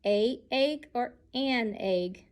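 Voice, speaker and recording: Slow, patient woman teaching children. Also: on the high side. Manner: slow, patient, sounds out letters. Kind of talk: children's grammar lesson.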